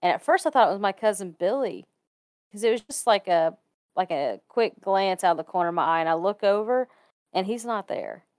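A woman's voice: mid-range voice, animated, a little fast, a little mellow, dry recording, studio quality. A woman casually telling a personal ghost story, chatty and laughing often between sentences.

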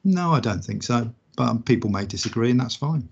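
A man's voice: mid-range voice, lively intonation, brisk, gravelly, husky. A man from the United Kingdom hosting a podcast, chatting casually and jokily, rambling and thanking listeners. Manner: jokey, rambling, gives thanks. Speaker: podcast host. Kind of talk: casual chat. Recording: dull lo-fi audio.

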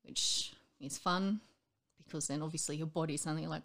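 A woman's voice: deep voice, a little fast, gravelly, a bit bright. Woman in her late 30s, interview guest, candid and rambling, acts out quotes. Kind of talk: candid personal conversation.

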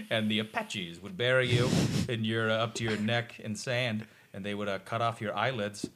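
A man's voice: fairly low pitch, fairly even intonation, normal speed, a bit bright, slight background noise. A man chatting as a podcast guest, rambling through jokes and stories and laughing often. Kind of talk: casual chat.

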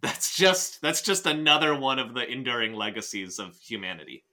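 A man chats on a casual podcast, rambling through a novel with jokes, swearing and half-finished sentences. His voice is clear and bright, at a middling pitch. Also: big pitch swings, moderate pace. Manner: rambling, jokey, swears often, many restarts. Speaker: podcast host reading and analyzing a novel.

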